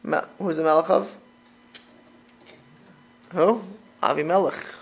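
A man teaches an informal Torah class in a high, gravelly voice. He is animated and stumbles through restarts, mixing Hebrew phrases into his English. The rasp of fry sits under his words. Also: measured pace.

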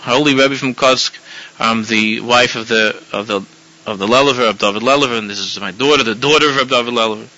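A man's voice: medium pitch, fairly quick, sharp tone, dull audio, close to an everyday voice. A man doing a proud indignant rebbe's wife. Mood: pleading. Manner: pleading then indignant.

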